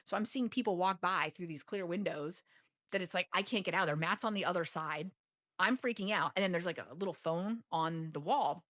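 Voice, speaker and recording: An American woman with a lowish, slightly bright voice talks fairly quickly as a podcast guest. She tells a travel story in a chatty way, saying "like" constantly and dramatically acting out things she once said.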